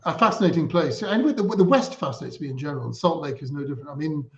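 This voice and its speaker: A British man from England, a guest author chatting quickly on a remote call, hesitating as he talks. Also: on the high side, lively intonation. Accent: British English. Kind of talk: remote interview conversation. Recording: roomy, dull video-call audio.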